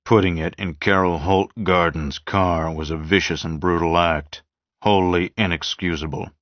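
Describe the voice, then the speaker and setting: A man's voice: low-pitched, steady tone, moderate pace, no echo, lightly acted. A man voicing a harsh, bitter man with a grudge in an audiobook reading, with an indignant manner. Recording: dull dry lo-fi sound.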